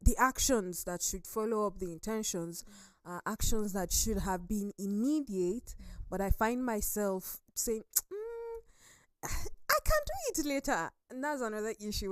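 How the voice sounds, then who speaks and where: A woman's voice: medium pitch, moderate pace, hardly any pauses, a little mellow, smooth, no echo. Reflective woman, dry studio sound. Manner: storytelling, reflective. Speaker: talk show panelist. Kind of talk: casual studio chat.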